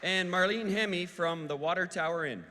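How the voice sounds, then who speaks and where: A man's voice: high-pitched, normal speed, crowd noise. A man presenting an award at a live ceremony, laid-back and wry as he banters and reads out the nominees. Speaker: award presenter, business owner. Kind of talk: joking banter and reading nominees. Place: large event hall. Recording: hall reverb with audience noise.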